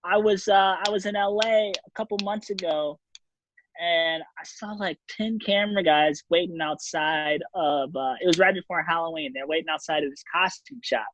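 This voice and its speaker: A man's voice: fairly high pitch, normal speed, fairly bright tone, slight background noise, low-quality recording. A man co-hosting a podcast, chatting loosely and joking, with many fillers and asides. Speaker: podcast co-host. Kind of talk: casual chat.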